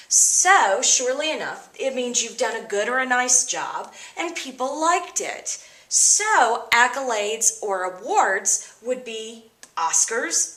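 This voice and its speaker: A woman teacher explaining vocabulary words to her students in an upbeat, expressive way. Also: on the high side, roomy sound. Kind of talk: vocabulary lesson.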